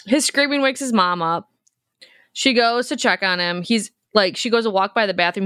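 A woman in her thirties co-hosting a podcast, recapping a horror film in a lively, profane, joking way. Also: mid-range voice, moderate pace, clear, resonant tone, no room sound, studio quality. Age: 30s. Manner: profane, animated storytelling. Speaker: podcast co-host.

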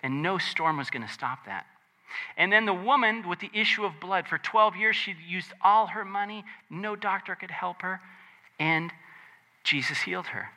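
A man preaching a conversational sermon, animated and chatty, with joking asides. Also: sits high, normal speed. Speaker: pastor.

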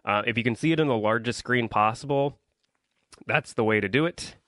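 A man's voice: medium pitch, fairly quick, a bit bright, dry recording. A young man hosting a solo podcast, rambling through a casual movie review with lots of ums and likes while complaining about his audience. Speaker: podcast host.

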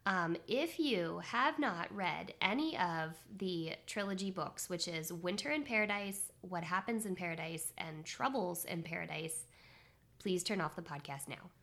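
Brief: bubbly woman podcast co-host, thirties, slight vocal fry. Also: lowish voice, lively intonation, measured pace, fairly bright tone. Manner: bubbly, giggly, chatty. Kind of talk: casual book chat.

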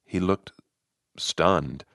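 A man coaching and telling a story in an expressive, animated way. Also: sits low, very slow, no room sound, studio quality. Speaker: leadership coach. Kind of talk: narrated storytelling.

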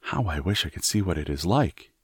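A man's voice: low voice, animated, fairly quick, slightly rough, dry recording, clean studio sound. A man voicing a lonely, prim little girl with clipped, precise speech in a storybook reading. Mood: wondering.

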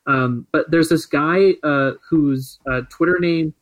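A man's voice: on the high side, slow pace, lo-fi sound. Rambling man full of filler words. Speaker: podcast co-host. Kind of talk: casual chat.

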